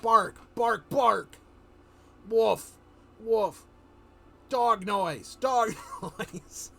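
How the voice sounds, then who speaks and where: A man's voice: high voice, drawn-out words, vocal fry, pushed and bright, pitched above the performer's own voice, exaggerated voice. A man voicing a clumsy talking dog who says the words for barking aloud instead of barking. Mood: goofy.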